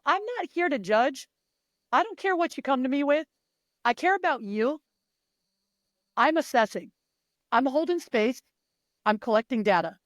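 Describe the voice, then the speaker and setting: A woman's voice: high voice, dry recording, clean studio sound. A middle-aged woman coach talking in a casual interview, emphatic and blunt, swearing freely. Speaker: mental performance coach.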